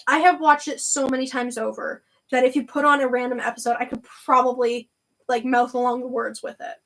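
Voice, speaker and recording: A woman hosting a casual livestream chat, talkative and quick to laugh, trailing off with fillers. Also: sits high, level tone, a bit bright, low-quality recording. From Canada. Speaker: livestream host.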